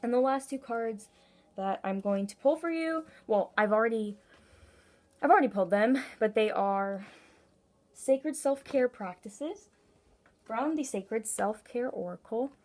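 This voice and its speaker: A woman's voice: fairly high pitch, a little slow, darkish tone. A woman giving a casual, intuitive tarot reading to camera, rambling and effusive, with lots of fillers and self-interruptions. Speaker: tarot reader.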